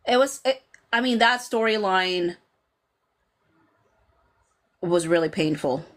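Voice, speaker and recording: A woman in her thirties hosting a casual live stream. She reads viewers' comments aloud and talks in an animated way, full of fillers, often acting out lines from the scenes she describes. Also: medium pitch, takes it slowly, pauses often. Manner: animated, chatty, lots of fillers, quotes scenes dramatically. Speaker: podcast host reading live chat.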